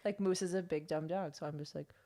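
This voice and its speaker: A young woman co-hosting a podcast in casual chat, playful and giggly with quick asides. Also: on the low side, steady tone, dark tone. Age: young adult. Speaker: podcast co-host.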